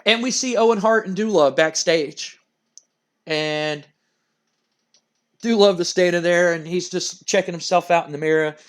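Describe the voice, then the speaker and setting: A man's voice: high-pitched, unhurried, pauses often. A man narrating a wrestling game playthrough in a casual, rambling way. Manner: rambling, many "like" and "and everything" fillers. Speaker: let's-play narrator.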